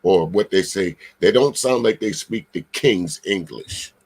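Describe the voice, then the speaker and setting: A deep, darkish, slightly rough voice belongs to this Charleston, South Carolina man giving casual reaction commentary on a clip. He swears freely, stays blunt and emphatic, and keeps stumbling over drawn-out fillers between points.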